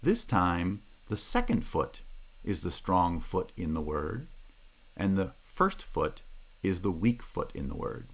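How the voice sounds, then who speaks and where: A man's voice: deep voice, sing-song, slow, gravelly, slightly rough. A man giving a university linguistics lecture, explaining carefully and stopping often to check with "Okay?".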